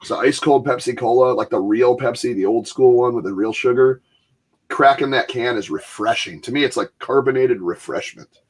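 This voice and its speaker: A man's voice: mid-range voice, moderate pace. Laughing man in casual chat. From Michigan, US. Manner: rambling, laughing, acts out quoted voices. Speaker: podcast host.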